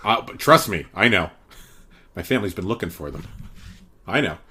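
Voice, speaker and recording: Husky wisecracking middle-aged man, very lively pitch. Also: moderate pace. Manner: wisecracking, laughs often, swings into playful high-pitched bits. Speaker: podcast guest. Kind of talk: casual chat.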